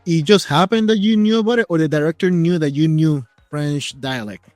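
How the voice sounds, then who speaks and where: A man's voice: on the high side, moderate pace, a little mellow, no echo, faint music behind. A man hosting an interview, chatting casually and joking, laughing at his own stories. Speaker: interview host.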